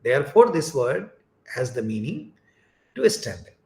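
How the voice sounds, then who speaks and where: Lively-voiced male teacher in echoey room. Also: medium pitch, unhurried, vocal fry. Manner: explains step by step, often checks "get it?". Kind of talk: live online class explanation.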